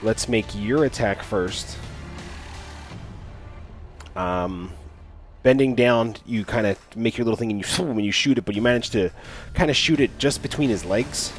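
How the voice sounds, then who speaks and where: A man's voice: lowish voice, unhurried, pauses often, faint music behind. A man acting as game master, narrating a tabletop game in a loose, rambling, playful way.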